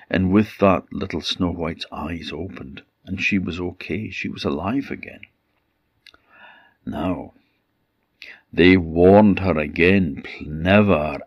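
A traditional storyteller tells a fairytale at an unhurried, emphatic pace. His voice is low and husky. The recording is dry and dull. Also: no room sound. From Orkney Islands. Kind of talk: oral fairytale telling.

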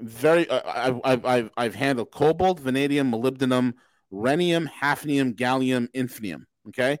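A man's voice: mid-range voice, normal speed, no room sound. A man hosting a podcast in a casual political rant, emphatic and repetitive, often restarting mid-sentence. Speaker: podcast host.

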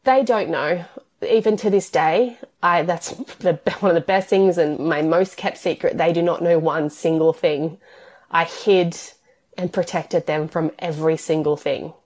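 A woman's voice: lowish voice, measured pace, a little mellow. A woman, telling her story as an interview guest in long, tumbling run-on sentences full of "like". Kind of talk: emotional personal interview.

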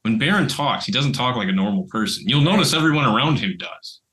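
A man co-hosting a casual podcast, talking in an animated, rambling way and swearing now and then. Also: medium pitch, quick pace, low-quality recording. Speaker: podcast co-host.

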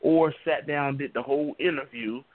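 A man in casual panel talk, rambling and halting, often repeating himself. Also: fairly high pitch, fairly even intonation. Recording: phone-like lo-fi audio.

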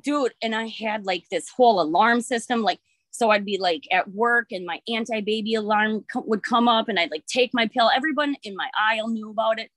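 A woman's voice: on the high side, a little fast, fairly bright tone, no room sound. Brief: thirties woman, loose candid storyteller, filler-heavy, dry close sound. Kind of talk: casual storytelling.

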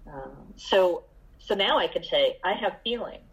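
A middle-aged woman giving a candid, halting personal share at a recovery meeting, with many fillers and restarts. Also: lowish voice, animated, creaky, husky, poor audio.

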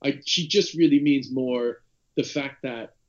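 Irish male podcast co-host, lively anecdotal storyteller, mid pitch, slightly muffled call sound. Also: unhurried. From Ireland. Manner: animated storyteller, frequent restarts. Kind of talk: casual chat over a call. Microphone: video call.

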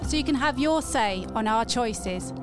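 A woman's voice: on the high side, animated, a little slow. A woman reading a scripted podcast outro announcement. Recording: voice over loud music.

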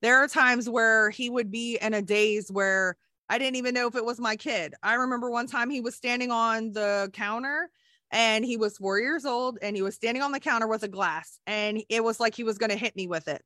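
A woman's voice: a little high, moderate pace, sharp tone, dry recording, studio quality. A middle-aged woman, a nurse, telling her story candidly in an emotional, rambling way with many restarts. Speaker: guest, nurse.

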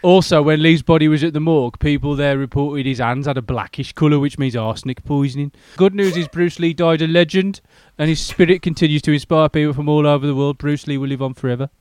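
A man voicing a dim-witted commenter, reading in a slow, loud and overly earnest way, higher than his usual voice. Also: smooth, dry recording, natural voice.

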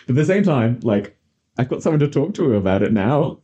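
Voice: medium pitch, big pitch swings, brisk, mellow, slightly rough, muffled recording. A podcast host in casual chat, chatty and sarcastic, often laughing.

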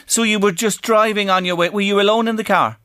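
An Irish man hosting a radio talk show, speaking in a gentle, earnest and emotional way. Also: sits high, steady tone, fast, no room sound, studio quality.

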